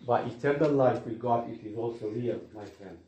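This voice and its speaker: A man preaching a sermon earnestly, swinging between loud emphasis and hushed asides. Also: mid-range voice, normal speed, lo-fi sound. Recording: echoey room.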